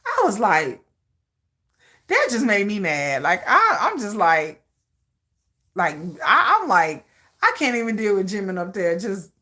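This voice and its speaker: Animated, bright-voiced woman livestream host. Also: mid-range voice, unhurried, long pauses. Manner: animated, laughing, reacting to viewer comments; dramatic, playful ranting. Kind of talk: casual livestream chat.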